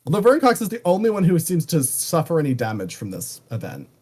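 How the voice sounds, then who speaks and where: Animated, swearing podcast co-host. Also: mid-range voice, a little fast, husky. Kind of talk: casual movie review chat.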